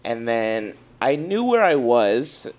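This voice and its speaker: A young man, telling a story on a casual podcast, animated and swearing often. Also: mid-range voice, slow. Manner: animated, swears a lot, acts out quotes loudly. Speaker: podcast co-host.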